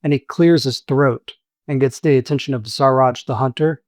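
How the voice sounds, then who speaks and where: A man's voice: medium pitch, moderate pace, dry recording, clean studio sound. A man running a tabletop game as game master, narrating scenes in an easygoing, descriptive way.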